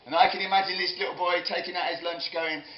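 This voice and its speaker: A man telling a Bible story to children in an animated, playful way, drawing in his audience. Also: high-pitched, fast talker. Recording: echoey hall, dull lo-fi sound.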